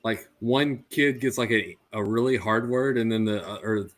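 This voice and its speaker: A man's voice: fairly low pitch, moderate pace. A man in his thirties co-hosting a casual podcast chat, telling stories animatedly and laughing often. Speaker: podcast co-host.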